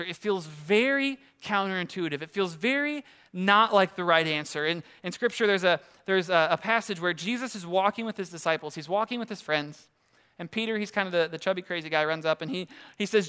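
Bright, animated young preacher man. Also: high voice, clear, resonant tone. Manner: conversational, animated storytelling with acted quotes. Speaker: pastor. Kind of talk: casual sermon.

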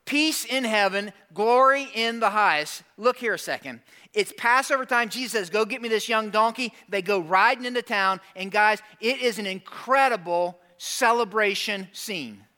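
A man preaching a sermon in a church, animated, acting out voices of the crowd and dropping to hushed, serious asides. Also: high voice, normal speed. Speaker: pastor.

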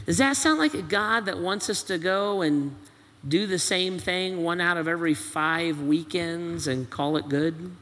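Male pastor, sermon, high pitch, rhetorical questions stacked one after another, big church reverb. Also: a little slow, fairly bright tone. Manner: presses with repeated rhetorical questions. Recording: long reverb of a large hall.

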